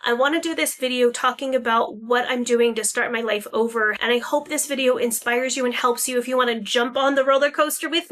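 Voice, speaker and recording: A woman's voice: a little high, fairly bright tone. A woman in her forties talking frankly and chattily straight to her viewers in a personal vlog. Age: 40s. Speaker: vlogger. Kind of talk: candid personal vlog talk.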